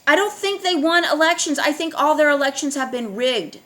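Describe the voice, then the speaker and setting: A woman's voice: high-pitched, animated, a little fast, hardly any pauses, a bit bright. A woman vlogger speaking in an emphatic, repetitive monologue to her viewers, often checking in with "all right?".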